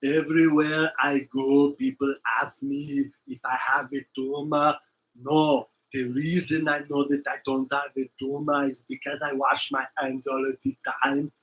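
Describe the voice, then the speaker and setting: A man doing a comic impression of an older action-movie muscleman, making slow, emphatic, repetitive pronouncements. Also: mid-range voice, flat delivery, fairly bright tone, close to an everyday voice, poor audio. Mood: mock-serious.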